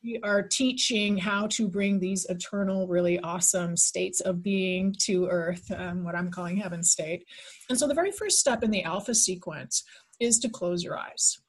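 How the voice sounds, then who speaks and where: Woman, breathy voice, soft hypnotic delivery, podcast guest. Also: fairly low pitch. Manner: soft, slow, hypnotic guiding voice when explaining steps. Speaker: podcast guest, teacher of mental techniques. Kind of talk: podcast conversation.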